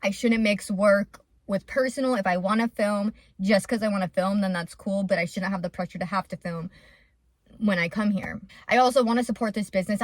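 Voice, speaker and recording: A young woman talks candidly to her vlog audience. She rambles and leans on "like" as she works through her thoughts. Her voice sits in a middle pitch and is recorded with a dry, close sound. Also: no room sound. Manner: rambling and open, with many "like" fillers. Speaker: vlogger and small business owner.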